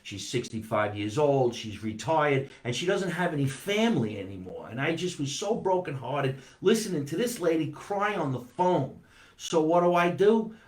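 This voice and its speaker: Chatty comedian hosting a live stream. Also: male voice, fairly high pitch, normal speed, roomy sound. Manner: chatty, animated, reads viewer comments aloud. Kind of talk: casual live-stream chat. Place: home basement.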